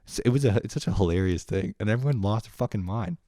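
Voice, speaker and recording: A young man from Canada talks solo for his podcast, rambling loosely and swearing freely. His voice sits low and deep. The recording is dry and close, with no room sound. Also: quick pace, mellow, no room sound. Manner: profane, rambling, laughing often. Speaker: podcast host. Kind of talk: casual monologue.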